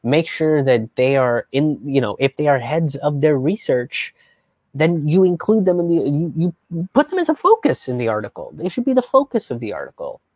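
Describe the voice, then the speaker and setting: A young man hosting a live stream as a comedian, talking in a casual, animated, profane way and slipping into mocking voices. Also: on the high side, moderate pace, dry recording. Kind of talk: casual livestream commentary.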